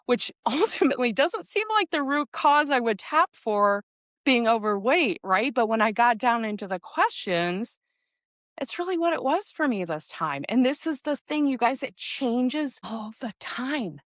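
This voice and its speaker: A middle-aged woman hosting a podcast, talking casually to listeners and quietly leading a guided tapping routine. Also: fairly high pitch, big pitch swings, unhurried, dry recording, clean studio sound. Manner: chatty, addresses listeners as "you guys". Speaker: podcast host.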